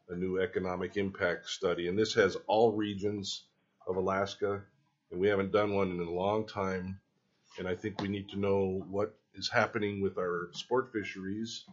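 Deep, husky, plain-spoken legislator man. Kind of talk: committee hearing discussion. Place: legislative committee room. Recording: muffled lo-fi hearing audio.

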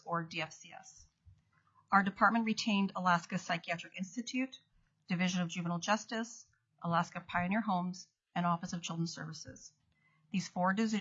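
A woman's voice: on the low side, fairly bright tone. A woman, an acting state commissioner, reading prepared testimony at a hearing and correcting small slips as she goes. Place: legislative hearing room. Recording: dull lo-fi hearing audio.

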